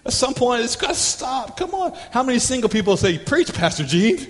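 A man's voice: extremely high pitch, lively intonation, brisk, big-room sound. A male pastor delivering a sermon in a repetitive preaching cadence, breaking into humorous role-play.

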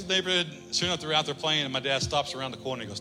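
Animated storytelling pastor in a big church. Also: male voice, medium pitch, rapid-fire, few pauses. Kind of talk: sermon with storytelling. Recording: reverberant church hall, faint music.

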